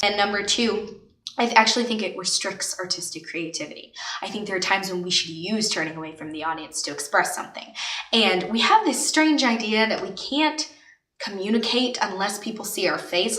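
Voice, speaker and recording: A woman's voice: medium pitch, bright, forceful tone, recorded from a distance. A woman giving a casual, emphatic acting lesson to camera. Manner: emphatic, demonstrative. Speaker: acting teacher. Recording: echoey room, mic set back.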